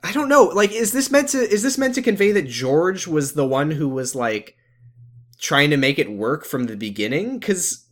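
A man co-hosting a casual recap chat, sarcastic and quick to act out characters' lines. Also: a little high, very animated, fairly bright tone. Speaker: podcast co-host recapping a TV show.

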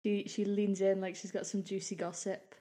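A woman narrating as game master of a tabletop game in a relaxed, descriptive way. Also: medium pitch, moderate pace.

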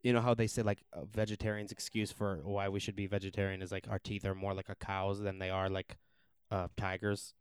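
A man's voice: sits low, level tone, fairly quick, smooth, dry recording. A young man co-hosting a podcast, chatting casually in a small room, rambling and laughing as he talks. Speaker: podcast co-host. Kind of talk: casual chat. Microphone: podcast mic with headphones.

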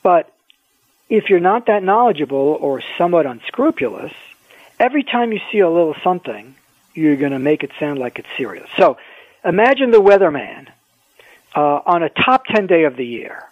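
A man, an orthopedic surgeon, telling wry stories in a measured way as a guest in an interview. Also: high voice, very animated, dry recording. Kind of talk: phone-in interview, storytelling. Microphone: telephone. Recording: tinny phone line.

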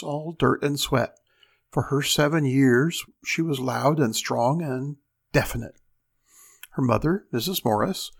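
A man hosting a reading show, introducing pieces and reading a story aloud with expressive delivery. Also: mid-range voice, gravelly. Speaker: host and reader.

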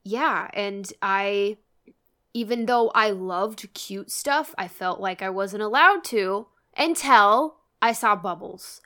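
A woman's voice: mid-range voice, lively intonation, takes it slowly, sharp tone. A young woman co-hosting a podcast, chatting casually and gushing with giggles, swearing now and then. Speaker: podcast co-host. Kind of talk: casual chat.

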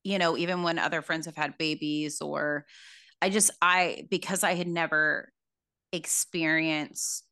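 A woman with a low but bright, forward voice, speaking in a reflective, heartfelt way as a podcast guest. She leans on plenty of "like" and "you know" as she talks. The sound is close and dry. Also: fairly even intonation, a little slow, no echo. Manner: reflective and heartfelt, heavy on filler words. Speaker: new mother. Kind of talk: casual podcast conversation.

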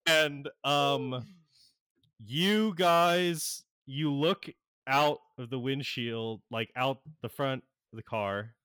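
A man running a tabletop game as game master, narrating in a halting way with many fillers and frequent laughs. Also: medium pitch, fairly bright tone, clear, resonant tone, dry recording, clean studio sound.

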